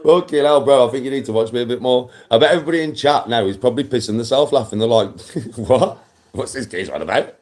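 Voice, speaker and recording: A British man hosting a casual morning livestream, animated, laughing often and talking straight to his chat. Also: mid-range voice, quick pace, few pauses. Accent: British English. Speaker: livestream host.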